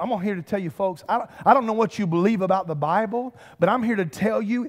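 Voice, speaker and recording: A man, preaching a lively, conversational sermon with humor and calls to the congregation. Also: high voice, fast, hardly any pauses. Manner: animated, conversational preaching with humor and audience call-outs. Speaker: pastor. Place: church sanctuary. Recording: church hall reverb.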